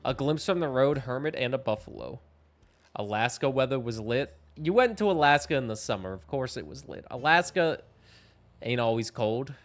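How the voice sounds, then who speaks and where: A man's voice: mid-range voice, lively intonation, moderate pace. A young man from Canada chatting casually and joking while playing a game at home. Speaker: streamer. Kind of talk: casual gameplay commentary. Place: home, indoors. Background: game music.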